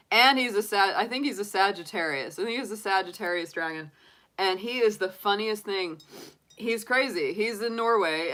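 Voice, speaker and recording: A woman's voice: mid-range voice, sharp tone. A woman in her forties, a tarot reader chatting casually on a live stream and laughing often. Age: 40s.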